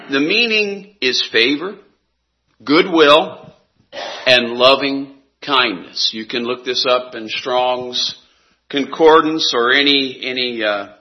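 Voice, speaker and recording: A man preaching a sermon in a slow, earnest way, his voice sinking soft on key words. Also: medium pitch, muffled recording.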